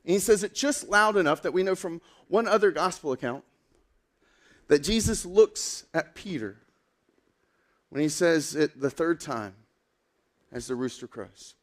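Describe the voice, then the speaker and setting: Casual, animated male pastor. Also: on the high side, a little slow, long pauses. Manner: animated storytelling, casual with many fillers. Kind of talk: sermon.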